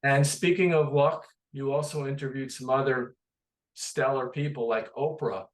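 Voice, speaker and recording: A man's voice: mid-range voice, steady tone, moderate pace, roomy sound, poor audio. A man hosting an interview podcast and asking brief, earnest questions. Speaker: podcast host.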